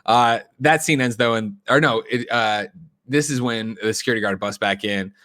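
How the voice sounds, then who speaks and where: A man's voice: medium pitch, normal speed, pushed and bright, no room sound, studio quality. A man co-hosting a podcast, recapping a movie's scenes in casual chat and acting out the lines. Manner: recaps scenes animatedly, acts out quotes. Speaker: podcast co-host.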